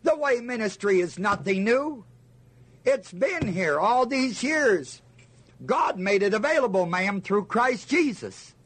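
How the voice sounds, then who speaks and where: A man's voice: high-pitched, expressive, slow, fairly bright tone. An older man teaching a Bible lesson to a listening group, asking them questions and answering himself with emphasis. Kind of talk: sermon teaching.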